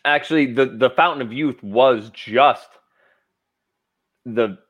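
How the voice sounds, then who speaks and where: A man's voice: mid-range voice, slow pace, husky, dull audio. A young man hosting a podcast in casual comedic chat. He rambles, swears freely and laughs often. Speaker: podcast host.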